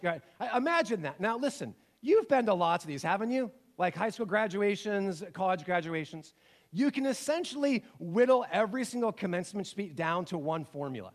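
A male pastor preaching a sermon, animated and full of rhetorical questions, swinging from loud emphasis to hushed passages. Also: high-pitched.

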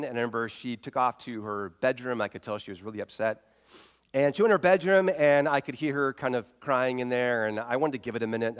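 A middle-aged pastor preaching a sermon, rising loud on key points and dropping to a hush when he tells a family story. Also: medium pitch, clean tone. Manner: quotes scripture and retells conversations.

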